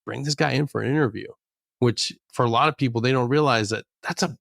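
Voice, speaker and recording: A man's voice: medium pitch, quick pace, creaky, fairly bright tone, no echo, clean studio sound. A man hosting a podcast, talking in a casual way and often agreeing with his guest. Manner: conversational, agreeable, says "dude" and "yeah". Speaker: podcast host. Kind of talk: casual interview chat.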